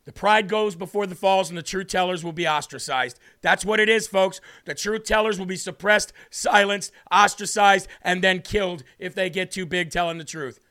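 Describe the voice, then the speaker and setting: A man's voice: high voice, steady tone, moderate pace, few pauses, pushed and bright. A man hosting a live-streamed political talk show, fiery and indignant, repeating himself and reading chat comments aloud.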